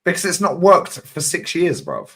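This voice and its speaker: A man's voice: a little high, wildly swooping pitch, moderate pace, bright, forceful tone, husky. A man with an English accent arguing about football, combative, swearing and cutting in to challenge the other speaker. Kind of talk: heated football debate.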